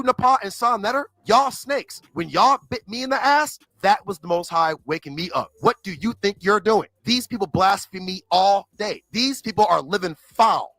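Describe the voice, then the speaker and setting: A man's voice: sits high, fairly bright tone, no echo. A man on a livestream, ranting and hurling insults in an aggressive, repetitive way.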